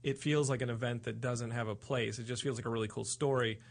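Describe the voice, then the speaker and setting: Man, podcast host, gravelly voice, rambling, excitable, casual chat. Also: medium pitch, quick pace.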